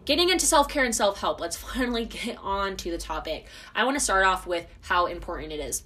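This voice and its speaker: Rambling young woman podcaster, low-ish voice. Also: a bit bright. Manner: rambling and chatty, with constant fillers. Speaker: podcast host. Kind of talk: casual solo chat.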